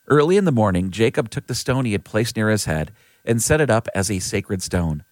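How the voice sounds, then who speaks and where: Brief: steady male scripture reader, expressive low voice, dry studio sound. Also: a little fast, dry recording. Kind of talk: scripted Bible reading.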